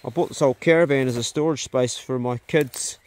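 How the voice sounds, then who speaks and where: Relaxed New Zealand man on a farm. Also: medium pitch, a little fast. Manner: relaxed, plain-spoken, chatty. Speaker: vlogger, farm owner. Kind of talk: casual narration on a farm walk. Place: rural farm outdoors.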